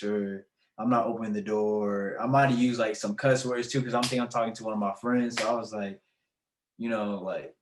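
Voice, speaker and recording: A young adult man, a podcast guest, telling a personal story in casual, animated talk and laughing often. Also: medium pitch, a little fast, reverberant.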